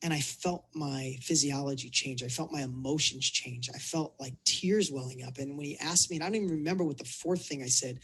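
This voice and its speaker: A middle-aged man, a coach, telling a personal story in a casual interview, animated and acting out the dialogue. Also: mid-range voice, brisk, hardly any pauses, slightly rough. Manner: animated storyteller, acts out dialogue, repeats words. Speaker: business and fitness coach telling his story.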